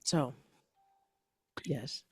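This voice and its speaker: A woman's voice: drawn-out words, darkish tone, no echo, studio quality. A woman co-hosting a podcast about leadership, telling coaching stories in a reflective, conversational way. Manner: storytelling, reflective, quotes her own dialogue.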